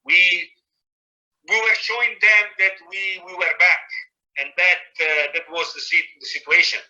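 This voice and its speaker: A man with an Italian accent, a former footballer, telling stories in a casual interview, often halting and searching for English words. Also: sits high, steady tone, pushed and bright. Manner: halting, searching for words, swears when quoting himself. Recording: lo-fi call audio.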